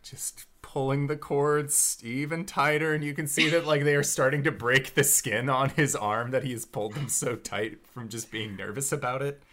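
A woman's voice: rumbling low, steady tone, normal speed, few pauses, fairly bright tone. A woman playing a tabletop game, sometimes speaking in character. She recaps events with a storyteller's flair. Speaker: player.

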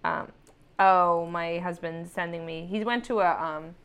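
A woman's voice: on the low side, steady tone, measured pace, a bit bright, clean tone. A young adult woman comedian hosting a podcast, chatting casually in a rambling, self-mocking way and laughing often. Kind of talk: casual chat.

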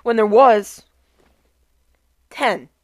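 A woman's voice: fairly high pitch, steady tone, extremely slow, background noise. A woman playing a prudish fifteen-year-old Mormon boy who hosts a call-in podcast, flustered and scolding his callers. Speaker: host of a call-in show. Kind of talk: comedy skit.

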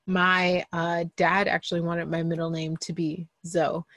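Low-voiced animated woman co-host. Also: a little slow, no echo. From Liberian family. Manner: animated, emphatic, playful. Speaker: podcast co-host. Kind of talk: casual chat.

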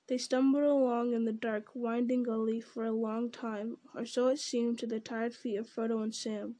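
Mellow-voiced woman reading a story aloud. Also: on the high side, flat delivery, moderate pace, few pauses. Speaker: audiobook reader. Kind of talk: storybook narration.

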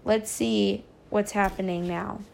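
A woman reading a novel chapter aloud, pausing for casual, chatty recaps with small stumbles. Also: mid-range voice, steady tone, gravelly, darkish tone. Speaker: reader.

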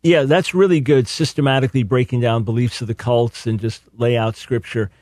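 A man's voice: mid-range voice, fairly even intonation, fairly quick, darkish tone, dry recording, studio quality. Emphatic male radio host. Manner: earnest, emphatic, repeats words when starting a phrase. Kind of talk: call-in radio talk.

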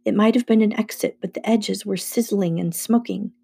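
A woman narrating a first-person adventure novel aloud in a steady storytelling manner. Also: mid-range voice, normal speed, gravelly, slightly rough. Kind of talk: audiobook reading.

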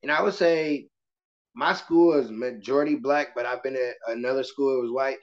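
A man who teaches kindergarten, speaking as a guest in a casual interview and telling stories with lively acted-out voices. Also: mid-range voice, moderate pace. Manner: animated storytelling, slips into voices of kids and adults. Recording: muffled lo-fi podcast audio.

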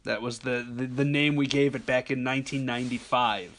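A man in his thirties making wry, quick interjections in a casual podcast chat. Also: mid-range voice, steady tone, a bit bright.

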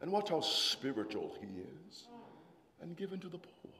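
A man preaching a sermon, rising into shouted, sung-out passages before apologizing and calming down. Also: fairly high pitch, moderate pace. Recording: hall reverb.

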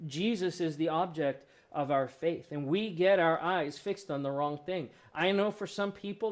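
Passionate pastor, man with a raised voice. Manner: preaches with rising intensity, then drops soft and low. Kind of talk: sermon.

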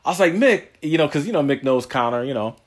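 His voice on the high side and his delivery fast, a man hosting a casual podcast rambles through lively stories, laughing a lot. He keeps saying "yo" and "man" in slangy asides.

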